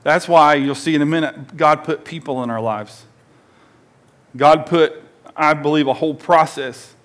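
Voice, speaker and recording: A man in his forties delivers a sermon in a conversational, animated way, his voice sitting a little high. He talks to the congregation like friends and has them repeat phrases back to him. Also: measured pace. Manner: animated, conversational preaching with call-and-response. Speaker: pastor.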